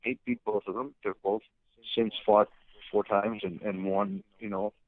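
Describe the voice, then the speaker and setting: A fighter's manager speaking bluntly in a phone interview, ranting with lots of fillers and restarts. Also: male voice, on the low side, expressive, measured pace, gravelly, dry recording. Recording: tinny phone line.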